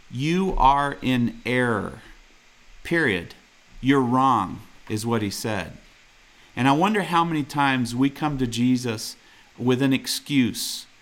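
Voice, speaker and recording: A man's voice: medium pitch, a bit bright. A man preaching a sermon in an earnest, direct way, reading scripture aloud and challenging listeners with questions. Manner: reads scripture aloud and comments on it.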